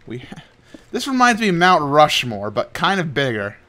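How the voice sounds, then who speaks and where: A young man hosting a gaming channel, chatting casually over his gameplay in a rambling, playful way, laughing often and trailing off quietly. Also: a little high, sing-song, moderate pace. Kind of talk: casual Minecraft commentary.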